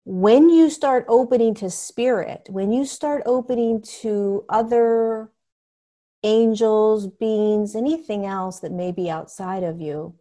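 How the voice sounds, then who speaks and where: As a guest in a casual conversation, a woman speaks as a spiritual teacher, earnest and emphatic, often acting out what people say. Her voice is medium-pitched, slow, and dark in tone.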